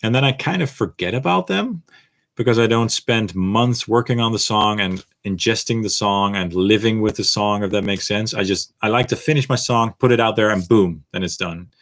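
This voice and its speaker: Brief: laid-back male streamer with a lowish voice, reading out chat questions and rambling through his answers. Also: moderate pace. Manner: relaxed, rambling, reads viewer questions aloud. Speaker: host of a live Q&A stream. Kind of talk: casual livestream Q&A.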